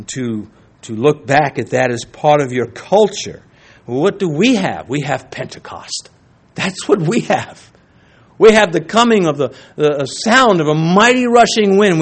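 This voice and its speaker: A man preaching a sermon, swinging between raised emphasis and quiet asides. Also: fairly high pitch. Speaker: pastor.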